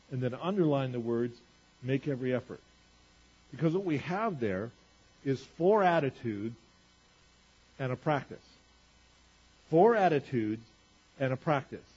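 Husky male preacher, muffled recording. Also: normal speed, pauses often, darkish tone. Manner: conversational preaching, repeats phrases, rises in pitch for emphasis. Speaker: pastor. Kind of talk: sermon. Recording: dull lo-fi recording.

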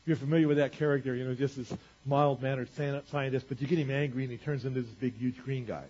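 A male pastor preaching a sermon to a congregation, talking conversationally with rhetorical questions and swinging from loud to quiet. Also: medium pitch, steady tone, quick pace, a little hiss or hum. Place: church. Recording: dull lo-fi church recording.

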